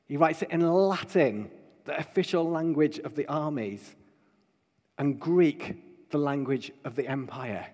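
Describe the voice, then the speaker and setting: A man preaching a sermon to his congregation, building emphatically to loud proclaiming peaks. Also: fairly high pitch, measured pace. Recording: long hall reverb.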